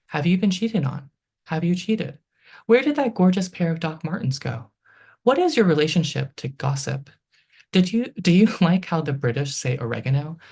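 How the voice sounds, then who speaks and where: At a poetry reading, a poet in their thirties reads their own work at a steady middle pitch, moving through long lists and chains of questions line by line in a halting rhythm. Between poems, the voice slips into loose, chatty asides full of ums.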